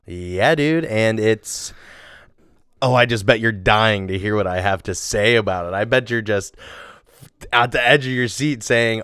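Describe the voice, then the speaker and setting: A man's voice: fairly low pitch, a little slow, fairly bright tone, clean tone, dry recording, studio quality. A young man co-hosting a podcast in casual chat, sarcastic and joking, laughing often. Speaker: podcast co-host.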